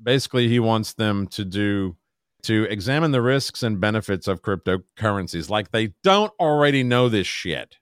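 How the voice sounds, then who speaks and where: A man's voice: fairly low pitch, animated, moderate pace, clear, resonant tone, dry recording, studio quality. A man co-hosting a podcast, talking in a meandering, hesitant, casual way. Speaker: podcast co-host.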